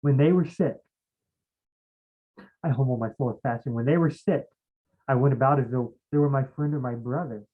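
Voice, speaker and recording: A man leading a relaxed Bible study, talking at a middling pitch. He rambles and thinks aloud, pausing to search his memory. The sound is narrow and muffled, like a phone line. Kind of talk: casual Bible study talk.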